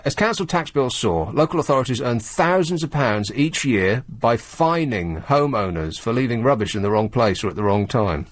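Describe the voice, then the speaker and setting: A man's voice: medium pitch, dry recording. A man hosting a talk radio show, riffing sardonically on news stories with mocking asides. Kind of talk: late-night radio monologue. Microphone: studio microphone.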